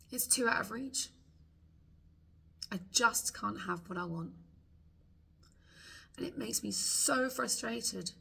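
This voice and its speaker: A woman leading a guided tapping meditation, slowly voicing frustrated thoughts for the listener to repeat. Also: medium pitch, creaky, pushed and bright, breathy edge. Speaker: tapping coach.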